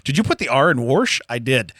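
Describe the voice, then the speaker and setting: Very animated, often-laughing man co-host. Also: mid-range voice, a little fast, dry recording. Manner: laughs often, animated, riffs and reads news items aloud. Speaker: podcast co-host. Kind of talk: casual comedic chat.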